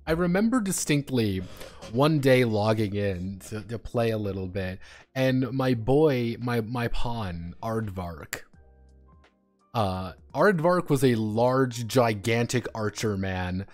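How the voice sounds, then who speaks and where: A man streaming, chatting casually and rambling through profane, animated tangents over faint background music. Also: mid-range voice, slow. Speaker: streamer and game designer.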